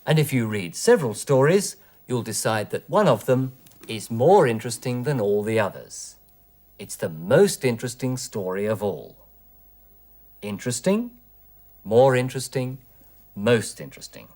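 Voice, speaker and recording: A man teaching English in a scripted 1980s television lesson, speaking clearly and deliberately through word drills. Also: medium pitch, expressive, a little mellow. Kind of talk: slow, scripted language lesson. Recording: 1980s educational television recording.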